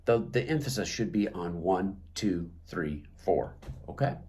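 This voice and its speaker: A man's voice: low-pitched, expressive, unhurried, a little mellow. A man teaching clarinet technique, talking through the music with many fillers and restarts. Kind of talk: instructional talk.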